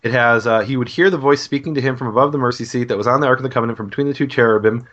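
A man's voice: mid-range voice, rapid-fire, fairly bright tone. A man teaching Hebrew in a casual Bible study discussion, explaining grammar patiently. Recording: dull lo-fi sound.

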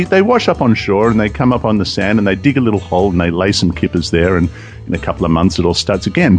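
A man hosting a casual podcast chat over a video call, telling rambling jokes. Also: mid-range voice. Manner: jokey, rambling, lively delivery. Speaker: podcast host.

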